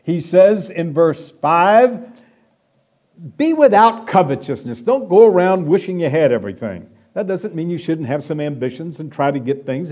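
A man preaching a sermon, emphatic, swelling loud and then dropping to a hush. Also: a little high.

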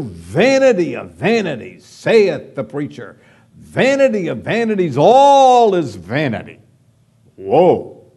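Slow, lively-voiced male preacher. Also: fairly high pitch. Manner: dramatic, rhetorical questions, emphatic. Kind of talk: expository sermon.

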